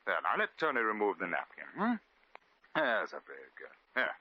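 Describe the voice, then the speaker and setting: A man's voice: on the low side, huge pitch swings, normal speed, bright, forceful tone, exaggerated voice. An actor playing a genteel, lovestruck English lord in a 1950s radio drama, fussy and stammering as he dotes on his sweetheart. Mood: doting. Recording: dull old radio recording.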